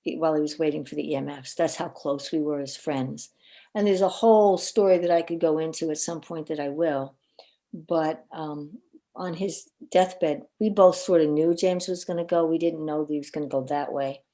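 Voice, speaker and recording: Speaking at a normal pace, this coach and minister appears as a guest in a podcast interview. Her low, mellow voice carries earnest, animated personal stories, often tripping over words she repeats.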